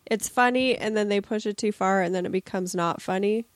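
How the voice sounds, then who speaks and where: A woman in a casual podcast chat, plainly explaining her opinion in a measured way. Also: medium pitch, no room sound, clean studio sound.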